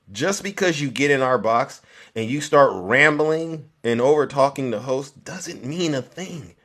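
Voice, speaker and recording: A man's voice: fairly high pitch, a bit bright. Man hosting a sarcastic live-stream commentary. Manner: mock-solemn reading broken up by sarcastic, teasing asides to viewers. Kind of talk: live political commentary, reading a prepared text with ad-libbed asides.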